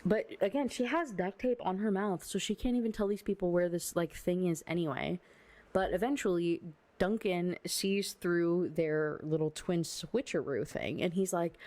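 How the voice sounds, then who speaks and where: A woman's voice: fairly low pitch, normal speed, a little mellow. A woman reviewing a book, reading passages aloud and recapping in a blunt, irreverent, profane way. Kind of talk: casual book rant with read-aloud passages.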